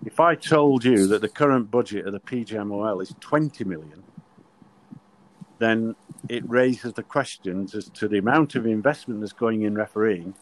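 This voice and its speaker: A man's voice: fairly low pitch, moderate pace. An older man, a former referee, tells anecdotes on a podcast and acts out the dialogue. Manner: animated storyteller who acts out quoted dialogue. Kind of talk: podcast interview, anecdotal storytelling.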